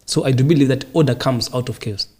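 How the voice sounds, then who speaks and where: Podcast host, male, husky tone, calm and reflective answers in repeated short lines. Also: mid-range voice, fast. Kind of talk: casual interview answers.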